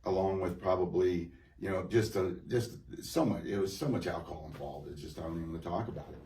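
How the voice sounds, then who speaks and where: A man telling his personal testimony in a halting, rambling way, full of restarts and fillers. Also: low voice, mellow. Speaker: guest giving a testimony. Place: church room. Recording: echoey room, mic at a distance.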